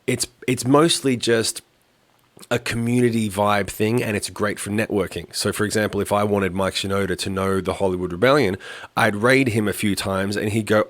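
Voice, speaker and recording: This podcast host talks fairly quickly in a lowish voice, spinning animated, profane, wandering stories in casual conversation. The recording carries no room sound.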